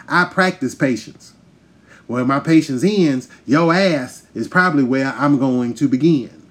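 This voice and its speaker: A man's voice: medium pitch, a little slow. A man hosting a podcast, delivering a heated, profane, emphatic rant straight to his listeners. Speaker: podcast host. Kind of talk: ranting monologue.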